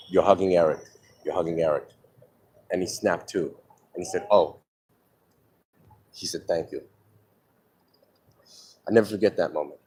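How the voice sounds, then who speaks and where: A man's voice: deep voice, a little mellow, breathy edge, poor audio. A middle-aged man telling a personal story live in a candid, profane, rambling way, outdoors by a street on a phone.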